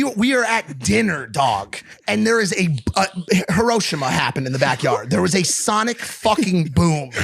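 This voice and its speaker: A man in his thirties telling stories in casual podcast chat, profane and animated. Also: a little high, gravelly, dry recording, studio quality. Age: 30s. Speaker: podcast co-host.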